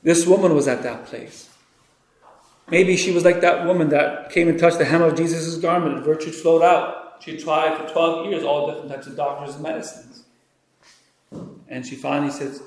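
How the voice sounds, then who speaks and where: A man preaching a sermon who swings between hushed, quiet pleading and loud, excited storytelling. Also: on the high side, normal speed. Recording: very echoey room, faint noise.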